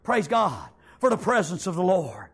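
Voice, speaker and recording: A man preaching a fiery revival sermon in a church, punctuating nearly every line with "amen" and shouted praise. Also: high-pitched, very animated, moderate pace, creaky, breathy edge.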